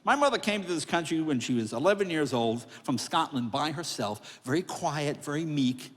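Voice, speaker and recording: Older stand-up man, sixties, high lively voice, long hall reverb, plays out the characters. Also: moderate pace. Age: 60s. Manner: animated, acts out voices of family and others. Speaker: comedian. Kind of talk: stand-up storytelling speech. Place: large hall on stage.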